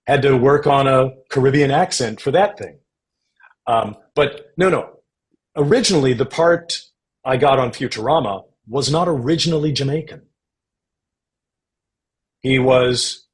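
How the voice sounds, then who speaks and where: A man guest on a podcast, telling stories in a measured, anecdotal way about his acting career. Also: mid-range voice, rough recording. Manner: anecdotal, measured, uses quoted voices. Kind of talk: relaxed storytelling conversation.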